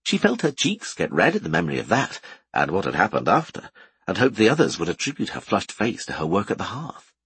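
A male narrator reads a fantasy story with a husky, breathy voice that swings widely in pitch. His tone is slightly low, and the recording is dry and close. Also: wildly swooping pitch, fairly quick, a bit bright, no room sound. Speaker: audiobook narrator.

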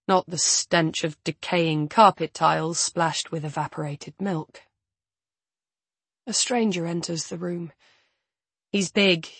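Narrating an audiobook in the first person, this woman keeps an even, measured rhythm in a husky, somewhat low voice. The sound is close and dry, free of any room ambience.

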